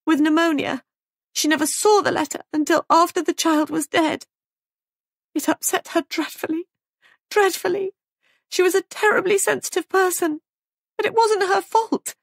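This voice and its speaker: A woman voicing a frightened young woman who pleads in a raised, high voice. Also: dark tone, slightly rough, dry recording, clean studio sound. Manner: high-pitched, frantic and pleading.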